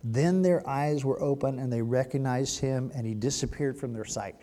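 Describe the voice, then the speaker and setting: A male pastor preaching a sermon, reading scripture aloud and acting out its people in animated bursts. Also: mid-range voice, moderate pace, in a large hall.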